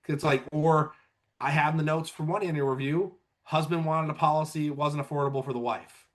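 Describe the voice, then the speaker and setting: A man's voice: fairly high pitch, fairly even intonation, fairly quick. A man who manages insurance agents, chatting casually on a podcast and telling sales stories, often acting out what clients said. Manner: storytelling, acts out clients' lines.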